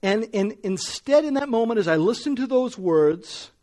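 Middle-aged male preacher, slightly high voice, earnest storytelling sermon that swells into forceful emphasis. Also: lively intonation, moderate pace. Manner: earnest, rising to emphatic when reading scripture.

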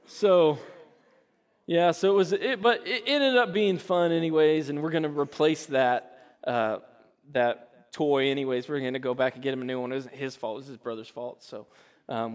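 Middle-aged male pastor, high voice, casual storytelling sermon, echoing church hall. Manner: chatty storytelling with self-deprecating laughs.

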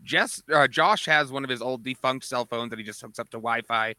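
A man co-hosting a casual podcast, musing deliberately with some fillers. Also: medium pitch, sharp tone, no room sound. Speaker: podcast co-host.

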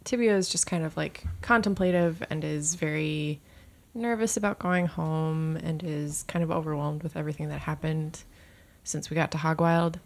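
A woman's voice: deep voice, moderate pace, hardly any pauses. A woman describing her character's actions as a player in a tabletop game, casually and with fillers. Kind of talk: tabletop role-play.

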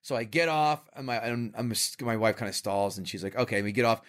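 Man, comedian guest, casual podcast chat, animated storytelling, mid pitch. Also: quick pace. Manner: animated storyteller, acts out quoted voices. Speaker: comedian and show creator guest.

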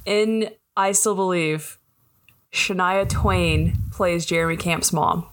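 A woman's voice: on the low side, takes it slowly, slight background noise. A woman co-hosting a podcast, telling stories in casual chat and acting out both sides of conversations. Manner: animated anecdote teller, acts out both sides of conversations. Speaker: podcast co-host.

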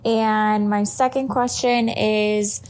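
A woman listener asking the host her questions in a slow, measured way. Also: mid-range voice, flat delivery, a little mellow. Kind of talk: recorded question.

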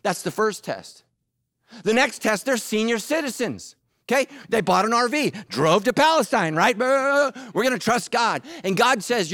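A man delivers a sermon with lively, humorous storytelling, jumping between loud, high bursts and low, quiet emphasis. His voice sits a little high for a man. The sound is dry and close, with no room around it. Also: normal speed, no echo. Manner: animated, humorous storytelling with acted-out quotes. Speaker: pastor.

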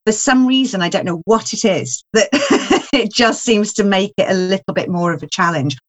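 A woman talks as a guest writer in a relaxed discussion. Her pitch sits in the middle of the usual female range, and she thinks aloud in a reflective way, peppering her points with "you know.". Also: normal speed. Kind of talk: casual discussion.

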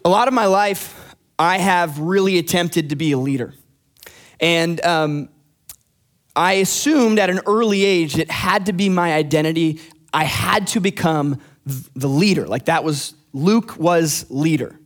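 A man's voice: fairly high pitch, unhurried. A young man preaching a casual sermon as youth pastor, friendly and joking with the congregation.

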